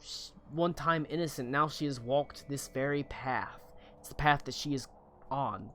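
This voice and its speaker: A man narrating as game master of a tabletop game, slow and halting with fillers. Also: medium pitch, sharp tone, a little hiss or hum.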